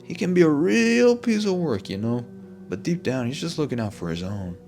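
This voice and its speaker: A man's voice: a little high, big pitch swings, moderate pace, music in the background, pitched above the performer's own voice. A man voicing a friendly young man who talks casually and reassuringly.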